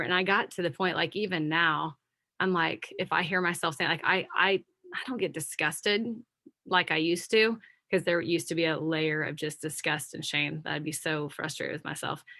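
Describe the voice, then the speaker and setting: Candid, preachy woman with a low, dry voice. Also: no echo. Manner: candid, preachy and animated, addressing listeners as friends. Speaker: guest speaker. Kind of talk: motivational talk on a video call.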